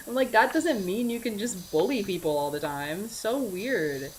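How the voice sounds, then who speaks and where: A woman's voice: medium pitch, normal speed, hardly any pauses. A young woman ranting casually and with heavy swearing, full of "like" fillers, while she plays a game at her desk. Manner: animated, profane, rants with filler "like". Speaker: vlogger. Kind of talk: casual rant.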